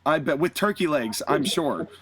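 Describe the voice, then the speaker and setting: A man hosting a podcast, telling a made-up story in an animated, rambling way. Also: on the high side, moderate pace, breathy edge. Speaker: podcast host. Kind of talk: fantasy-booking storytelling chat.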